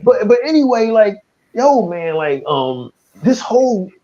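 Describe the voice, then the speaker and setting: American guy hosting a podcast, high voice, swears a lot, trips over his words, kinda muffled sound. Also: big pitch swings, unhurried, warm tone. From United States. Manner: profane, stammering restarts, laughs at his own jokes. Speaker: podcast host. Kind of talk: casual opinionated chat.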